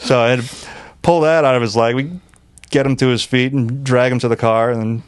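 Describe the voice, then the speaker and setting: A man, sitting as a guest on a podcast, spins a rowdy tale in loose, profane chat. He laughs through his own story and pitches his voice up whenever he quotes someone. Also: steady tone, brisk, clean tone. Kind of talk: casual storytelling.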